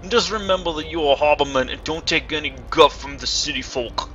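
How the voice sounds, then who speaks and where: A man voicing a proud, gruff old village fisherman in a put-on rustic accent, speaking slowly and emphatically. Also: fairly high pitch, sing-song, sharp tone, faint music behind, full character voice. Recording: slightly dull recording with faint hiss.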